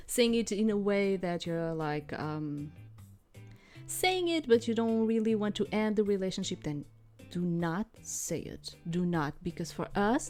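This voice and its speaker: A woman with a slightly low voice talks casually over a game, wandering through long explanations and leaning on fillers. Faint game music plays underneath her chatter. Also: a little mellow. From outside the United States. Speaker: game streamer. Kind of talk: casual let's-play commentary.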